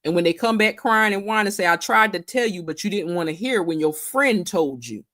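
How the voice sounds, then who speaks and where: A woman's voice: on the low side, expressive, a little fast, fairly bright tone. A woman hosting a casual livestream chat, greeting viewers by name and stretching her words out. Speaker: livestream host.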